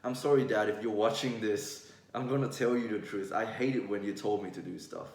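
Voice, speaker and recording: Speaking brisk and gravelly in a lowish register, a man in his twenties from Vietnam delivers a casual, unfiltered monologue to camera, cursing freely in a blended Vietnamese-Australian accent. The recording is distant, with the voice off-mic and a roomy echo.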